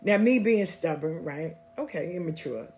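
A woman hosting a podcast, telling personal stories in a casual, blunt, animated way and swearing freely. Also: sits low, normal speed. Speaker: podcast host. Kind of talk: casual storytelling monologue.

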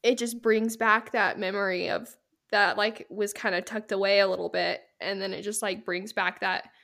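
A young woman chatting on her podcast while holding back tears. She rambles with many fillers and keeps apologizing. Her voice has a gravelly fry to it. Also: medium pitch, steady tone, normal speed, a bit bright. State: tearful. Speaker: podcast host. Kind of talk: casual chat.

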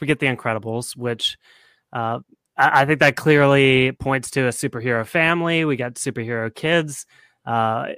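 A man co-hosting a podcast lays out his theories step by step in an analytical way during casual chat. His voice is medium-pitched and a bit bright, with a clean tone and no echo.

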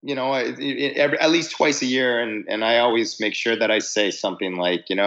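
A man with a gravelly, rough-edged voice tells long, rambling stories about touring life. He restarts his sentences often, on a somewhat muffled, lo-fi recording. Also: medium pitch, steady tone, a little fast, few pauses, a bit bright. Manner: rambling, self-interrupting storyteller. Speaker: musician guest. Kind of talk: casual storytelling interview.

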